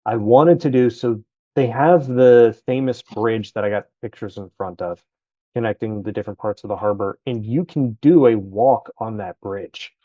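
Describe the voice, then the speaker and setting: A man's voice: on the low side, normal speed, no room sound, highs cut off. A man, chatting casually as a podcast guest about his travels, rambling and correcting himself as he goes.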